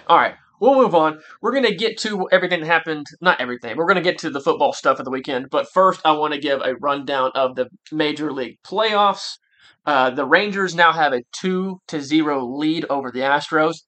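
A man's voice: on the high side, expressive, normal speed, sharp tone. A young man hosting a casual sports podcast who insists on his point again and again. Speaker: podcast host.

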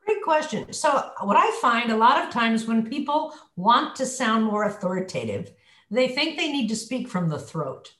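A woman's voice: fairly high pitch, very animated, normal speed, a bit bright, roomy sound. A woman voice coach leading a coaching session, demonstrating her points with her voice. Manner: demonstrative, shifts her voice to show examples. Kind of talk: coaching session on a video call.

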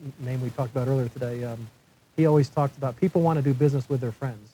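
An older man speaking on a panel, telling a workplace story in a halting way, often repeating words and acting out quoted lines. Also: medium pitch, steady tone, warm tone, a little hiss or hum, poor audio. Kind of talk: casual anecdote on a panel.

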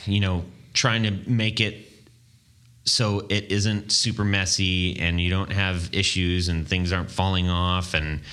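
Low-voiced man hosting a casual podcast. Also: a bit bright. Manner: rambling, giggly, loses composure laughing. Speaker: podcast host. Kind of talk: casual chat.

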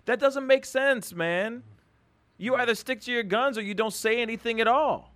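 A man hosting a podcast, talking in an animated, emphatic way in casual chat. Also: extremely high pitch, moderate pace. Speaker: podcast host.

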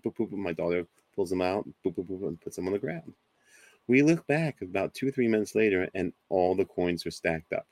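A man in his forties casually telling a ghost story as a guest, animated and acting out other people's voices. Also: low voice, no room sound. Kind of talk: casual storytelling on a talk show.

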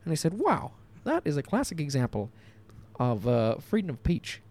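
A rambling country man calling in, as a comedian puts him on, halting and losing his way mid-story. His pitch jumps about in a lively sing-song, and he drifts into absurd tales between long pauses. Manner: hesitant, rambling, full of pauses. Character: rambling rural old school friend, man. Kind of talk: improvised phone-call comedy bit.

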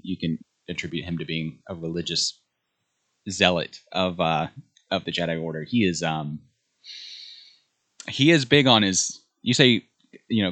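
A young man hosting a podcast in a relaxed, joking way, with plenty of fillers. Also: sits low. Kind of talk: casual podcast chat.

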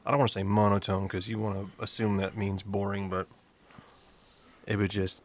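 On a podcast, a man chats casually at normal speed in a lowish voice that barely moves in pitch. He wanders off on tangents, swears freely, and often breaks off to start a thought over.

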